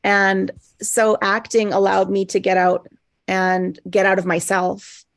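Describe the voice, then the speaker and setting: A friendly woman chatting over a video call, easy with a laugh. Her voice sits in a middle pitch. The sound is dry, with no room around it. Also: flat delivery, takes it slowly, dry recording. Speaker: cast member of an online table-read group. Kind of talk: casual chat.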